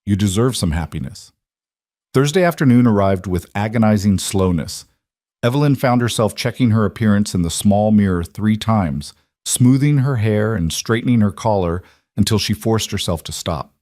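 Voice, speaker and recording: Low-voiced calm male storyteller. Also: normal speed, no echo, clean studio sound. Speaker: narrator. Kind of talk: scripted narration.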